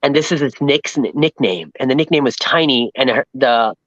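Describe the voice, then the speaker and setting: A man from Long Island, telling a rambling, animated travel story as a podcast guest and acting out the people he met. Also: mid-range voice, normal speed, no echo, muffled recording. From New York, Long Island. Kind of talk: casual storytelling chat.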